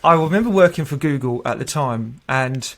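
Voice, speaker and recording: A man's voice: mid-range voice, animated, moderate pace, fairly bright tone. A man in his thirties, a tech recruiter being interviewed, telling stories in a loose, chatty way and often laughing and acting out what people said. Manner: chatty, laughs often, acts out quoted voices. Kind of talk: casual interview storytelling.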